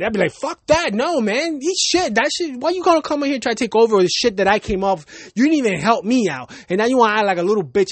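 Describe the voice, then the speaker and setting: A man with a high-pitched voice rants into a basic home mic, swearing freely and chuckling at himself. The sound is dry and close, with no room around it. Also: no room sound. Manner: profane, heated, laughs at himself. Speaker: podcast host. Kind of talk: casual rant monologue. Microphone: basic home setup, no fancy gear.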